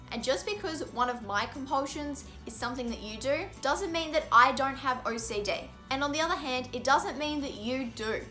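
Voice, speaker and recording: A woman's voice: high voice, sharp tone. A young woman vlogging to camera, explaining earnestly and with plain frustration, often stressing words by repeating them.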